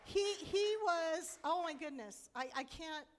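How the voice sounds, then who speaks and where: A woman's voice: extremely high pitch, lively intonation, unhurried, slight background noise. A middle-aged woman giving a personal testimony at a church conference, telling her story candidly with frequent laughs. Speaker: conference speaker.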